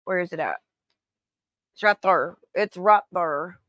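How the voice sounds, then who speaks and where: A woman's voice: lowish voice, a little slow, fairly bright tone, dry recording, dull audio. A woman hosting her own channel, giving sarcastic, profanity-laced casual commentary on clips. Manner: sarcastic, profane, calls people honey. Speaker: YouTube host reacting to clips.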